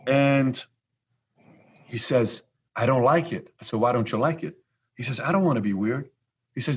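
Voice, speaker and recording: Guest, male, 40s, from Iran; husky mid-pitched voice, animated repetitive storytelling. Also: moderate pace, pauses often. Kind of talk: storytelling interview talk.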